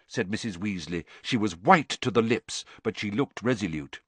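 A man narrating an audiobook with a steady storytelling delivery. His voice is somewhat low, with a lively, varied intonation. The sound is dry and close to the mic. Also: moderate pace, few pauses, breathy edge, dry recording. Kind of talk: scripted narration.

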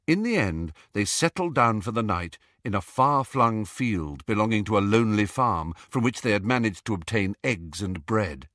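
Male narrator, low and lively, measured storytelling, dry booth read. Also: no room sound. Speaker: audiobook narrator. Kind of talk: scripted narration.

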